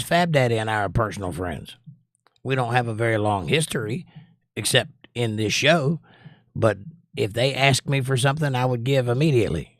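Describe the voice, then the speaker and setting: A man with a faint Georgia accent, hosting a casual livestream and reading viewers' comments before he talks them through. His voice is mid-pitched, with a dry, close sound and no room around it. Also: dry recording. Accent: Georgia (US Southern), mostly suppressed. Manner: reads chat aloud in a lifted voice, then muses analytically. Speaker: livestream host reading chat. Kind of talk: casual chat.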